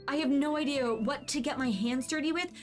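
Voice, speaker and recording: A woman's voice: high voice, normal speed, soft background music, pitched above the performer's own voice, lightly acted. A woman reading as a valley-girl-sounding dad-to-be. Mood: eager. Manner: reads an in-game email aloud in a light voice. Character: excited young expectant father writing a request.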